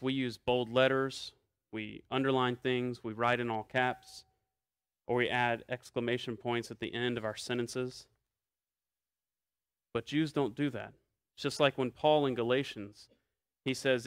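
A male pastor giving a measured, deliberate sermon in church, stressing key words by repeating them. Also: medium pitch, smooth, dry recording, clean studio sound. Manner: measured, deliberate preaching with emphatic repetition.

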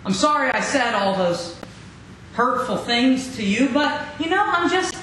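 A man's voice: big pitch swings, unhurried, pushed and bright, exaggerated voice. A man putting on a whiny excuse-maker. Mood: pleading. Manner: apologetic, pleading, rising pitch. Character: sheepish person pleading excuses, whiny. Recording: very echoey sanctuary, faint noise.

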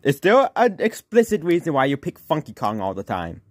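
A man's voice: fairly high pitch, wildly swooping pitch, moderate pace. A young man performing a comedy skit in his own voice, bickering and sarcastic.

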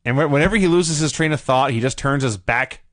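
A man co-hosting a podcast, reviewing old wrestling in casual, wry, animated chat. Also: mid-range voice, quick pace, no room sound. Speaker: podcast co-host.

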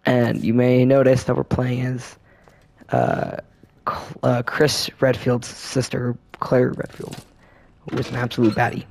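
A man's voice: medium pitch, measured pace, creaky, a little mellow. A man hosting a casual let's play commentary, rambling and laid-back with lots of filler words. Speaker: gaming channel host.

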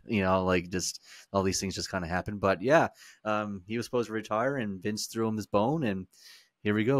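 A man with a lowish voice co-hosting a talk podcast, chatting in an easygoing way and telling stories with the odd "uh". He is recorded close and dry, with no echo. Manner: easygoing storyteller, fillers. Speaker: podcast co-host. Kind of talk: casual chat.

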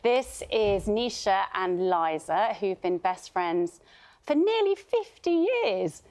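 A woman's voice: medium pitch, very animated, slow pace, a little mellow. A woman presenting live breakfast television, bantering with her co-presenter in a bubbly, giggly way.

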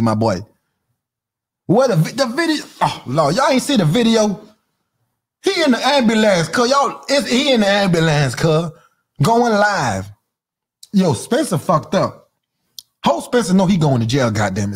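A man with a husky voice tears into the news in a comedic podcast rant. His pitch swings widely as he mocks, laughs and repeats catchphrases over and over. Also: sing-song, a little slow, pauses often. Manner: loud, mocking, repeats phrases, laughs a lot. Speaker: podcast host.

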